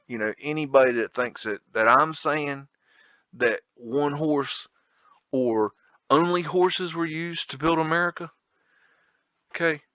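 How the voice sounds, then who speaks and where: A man's voice: a little high, sharp tone, no room sound, muffled recording. A man hosting a casual photo tour, rambling, blunt and profane, with a folksy drawl. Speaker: video host.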